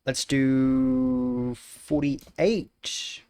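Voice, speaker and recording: Slow-talking Australian man streaming. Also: medium pitch, fairly even intonation, mellow, dry recording. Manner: muses aloud, repeats phrases, greets viewers by name. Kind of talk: casual live-stream chat.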